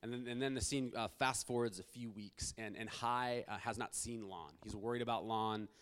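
Halting man telling a sermon story. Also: fairly low pitch, steady tone, a bit bright, clean tone. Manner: halting, many restarts and fillers. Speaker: preacher.

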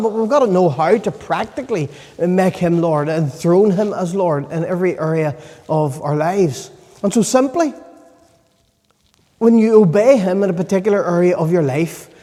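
A man preaching a sermon, earnest and emphatic, pausing to stress key points. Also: high voice, mellow. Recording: long reverb of a large hall.

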